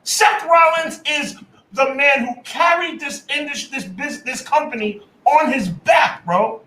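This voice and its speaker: A man co-hosting a wrestling podcast, ranting in exaggerated mock outrage, repeating himself and shouting lines. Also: extremely high pitch, unhurried, roomy sound, rough recording. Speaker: podcast co-host. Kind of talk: heated wrestling podcast rant.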